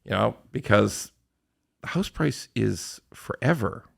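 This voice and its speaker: A man's voice: on the low side, animated, slow pace, vocal fry. A man hosting a casual podcast chat, swearing freely, laughing often and restarting his sentences with repeated words. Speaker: podcast host.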